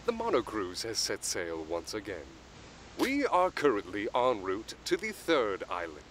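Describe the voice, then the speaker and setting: A man voicing a polite male robot who announces the ship's schedule in a calm, formal manner, in a fan-dubbed game. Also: fairly low pitch, unhurried, slight background noise, full character voice. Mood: cheerful announcing. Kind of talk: game voice acting.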